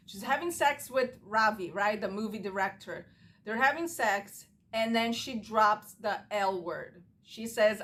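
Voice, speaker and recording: A woman's voice: a little high, a bit bright. A woman giving a casual, opinionated TV recap, talking straight to camera and acting out quotes with animation. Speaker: TV recap vlogger.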